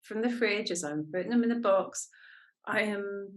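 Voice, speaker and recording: A woman's voice: mid-range voice, normal speed. A woman co-hosting a podcast, candidly sharing a personal story in a self-reflective, casual chat. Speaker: podcast co-host.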